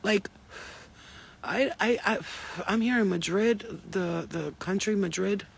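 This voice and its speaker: A woman's voice: mid-range voice, slow pace, vocal fry, slightly rough. A woman giving an intuitive spiritual reading to her viewers, talking in a profane, emphatic and preachy way. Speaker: spiritual reader.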